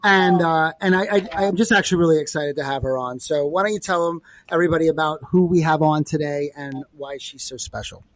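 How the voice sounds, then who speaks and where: A man co-hosts a relaxed podcast, rambling and restarting as he goes. His voice is notably high. The sound is dry and close. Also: fairly quick, few pauses, no echo, low-quality recording. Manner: rambling, restarts, laughs often. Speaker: co-host. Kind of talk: casual podcast chat.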